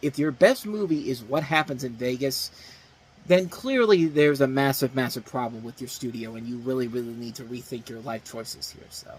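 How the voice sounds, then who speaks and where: A man's voice: medium pitch, moderate pace, a little hiss or hum. A man hosting a casual film review show, rambling through his opinions with many fillers and restarts. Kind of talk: casual spoken movie review.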